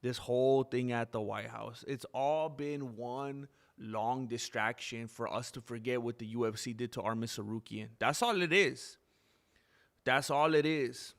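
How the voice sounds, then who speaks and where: A man's voice: medium pitch, unhurried, a bit bright. A man hosting a live stream in casual chat, rambling, reading viewer names aloud and correcting himself as he goes.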